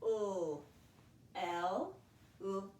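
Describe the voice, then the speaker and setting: A woman's voice: mid-range voice, animated, very slow, darkish tone, distant mic, slight background noise. A woman teacher leading a spelling dictation lesson, patiently sounding out words letter by letter. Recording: echoey room, voice from the mic.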